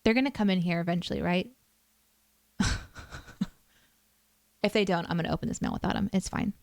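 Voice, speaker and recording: A woman's voice: fairly low pitch, fairly quick, vocal fry, no echo. Woman streamer, casual self-deprecating chat, dry close mic. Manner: chatty, self-deprecating, reads chat aloud.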